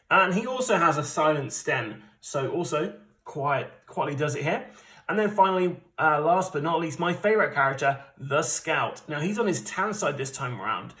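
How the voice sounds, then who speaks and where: Higher-voiced chatty man playing a board game. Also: a bit bright. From United Kingdom. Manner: chatty, rambling, self-deprecating. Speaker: board game channel host. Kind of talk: casual solo board game playthrough.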